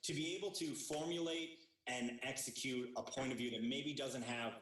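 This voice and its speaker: A man of middle pitch hosts a comedy podcast, rambling and hesitating as he thinks aloud. He sounds a little distant from the mic, in an echoey room. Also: fairly even intonation, moderate pace, fairly bright tone. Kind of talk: casual podcast chat.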